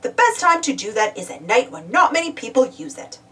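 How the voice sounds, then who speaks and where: A woman's voice: on the high side, big pitch swings, a little fast, fairly bright tone, distant mic. A woman voicing a kind, reassuring man who leads a building crew, a little away from the mic. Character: kind, calm adult male builder in charge.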